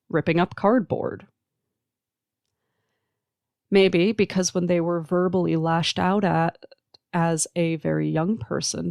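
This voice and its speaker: Earnest podcaster with a gravelly voice. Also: medium pitch, darkish tone, no echo, clean studio sound. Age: adult. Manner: earnest, emphatic, listing points in slow measured runs. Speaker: podcast host who works with teens. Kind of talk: reflective solo podcast monologue.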